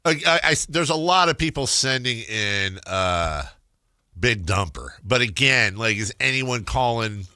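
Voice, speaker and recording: A man's voice: medium pitch, animated, bright, forceful tone, smooth, no echo, clean studio sound. A man hosting a sports radio show, riffing playfully through casual banter. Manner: playful, riffing, quick to laugh.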